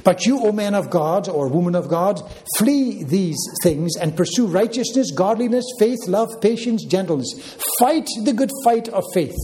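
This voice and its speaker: A man's voice: high-pitched, mellow, a little hiss or hum. An older man preaching a sermon, repeating key phrases with emphasis and checking in with listeners.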